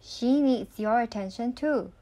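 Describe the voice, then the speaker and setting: A woman's voice: a little high, measured pace, mellow, lo-fi sound, natural voice. A woman voicing a kind mother who reassures her daughter in a picture book. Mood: reassuring.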